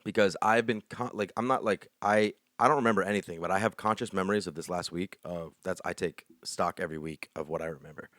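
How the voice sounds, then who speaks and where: A young man with a notably low voice co-hosts a podcast, drifting through loose, joking tangents full of "like" and "you know". The sound is close and dry, with no room around it. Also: fast, hardly any pauses, a bit bright, no room sound. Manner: rambling, joking, heavy use of "like". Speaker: podcast co-host. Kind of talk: casual chat.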